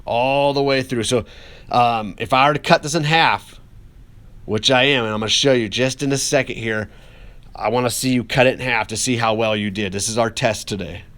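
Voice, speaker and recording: A man's voice: medium pitch, fairly quick, fairly bright tone. Upbeat man teaching a pottery class. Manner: upbeat and encouraging, talks while working with hands. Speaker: art teacher. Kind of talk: casual classroom demonstration.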